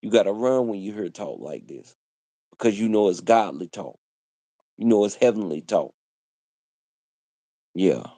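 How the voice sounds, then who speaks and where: Preachy man with a low, mellow voice. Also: expressive, measured pace, pauses often, dry recording. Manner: preachy, repetitive, street slang. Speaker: livestream host. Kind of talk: casual livestream monologue.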